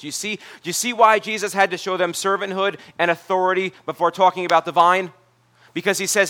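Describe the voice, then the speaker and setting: A man's voice: sits high, little pitch movement, brisk. A man preaching a sermon in church, in a conversational way, often repeating his words. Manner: conversational, repeats words, drops to a soft voice for quoted lines.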